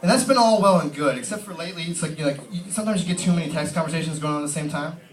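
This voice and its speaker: A man's voice: a little high, very fast. A man doing a stand-up comedy set in a pub, rambling and full of fillers, recorded from a distant camera. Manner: rambling, filler-heavy, casual storytelling. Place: pub stage. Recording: roomy pub sound from a distant mic.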